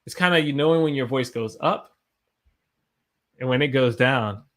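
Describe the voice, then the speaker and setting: A man's voice: medium pitch, moderate pace. A young man hosting a live English lesson, chatting and encouraging as he reads out viewer comments. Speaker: English teacher, livestream host.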